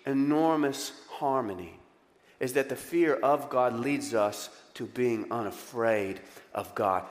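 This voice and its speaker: A male pastor preaching a lively, conversational sermon and often putting questions to the congregation. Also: fairly high pitch, big-room sound. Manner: animated, conversational, asks the crowd questions.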